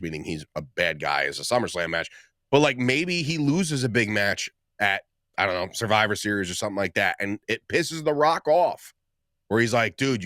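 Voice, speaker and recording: A man's voice: on the low side, a bit bright, dry recording, studio quality. A man co-hosting a podcast in casual chat, rambling and acting out quotes in different voices. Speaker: podcast co-host.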